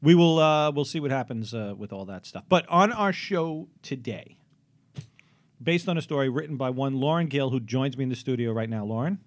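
A man's voice: medium pitch, animated, normal speed. A man hosting a radio show in a studio, joking and rambling with restarts.

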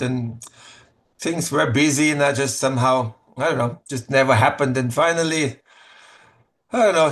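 A man's voice: mid-range voice, gravelly. A man in his fifties with a German accent talks as a podcast guest. His voice sits in the middle range, and he speaks in an easygoing, chatty way, with loose restarts and frequent laughter. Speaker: winemaker guest. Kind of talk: casual interview chat.

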